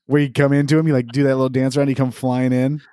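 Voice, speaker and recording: A man's voice: medium pitch, little pitch movement, rapid-fire, dark tone, clear, resonant tone, dry recording, studio quality. Joking, swearing podcast co-host man. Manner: joking, rambling, swears a lot. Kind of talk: casual chat.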